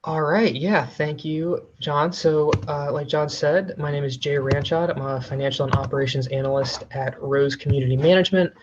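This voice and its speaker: A man walks through a technical demo from home over a video call, easygoing and full of fillers. His voice stays fairly flat in pitch. The call audio is dull and lo-fi. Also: normal speed, few pauses, noisy background. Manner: relaxed, many fillers. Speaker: financial analyst presenting a coding demo. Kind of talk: casual technical walkthrough.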